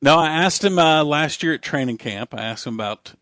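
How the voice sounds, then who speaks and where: A man's voice: a little high, animated, a little fast, a bit bright, no echo, clean studio sound. A man co-hosting a podcast, bantering and joking in casual chat. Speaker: podcast co-host.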